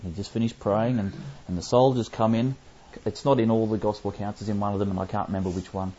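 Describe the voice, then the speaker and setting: A man's voice: lowish voice, fairly even intonation, fast, dark tone, husky. A man teaching a Bible study, explaining passages and asking his listeners rhetorical questions. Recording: dull lo-fi recording.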